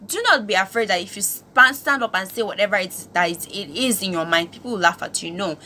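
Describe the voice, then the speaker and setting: A woman's voice: mid-range voice, fast, pushed and bright, slight background noise. A woman from Nigeria hosting her own channel, giving an emphatic motivational talk full of rhetorical questions. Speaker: host.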